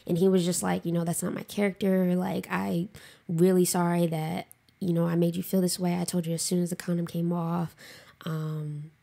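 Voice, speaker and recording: A woman's voice: fairly low pitch, flat delivery, normal speed, creaky, dark tone. A woman co-hosting a podcast, frankly telling a personal story with emotion, swearing freely and saying "like" a lot. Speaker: podcast co-host.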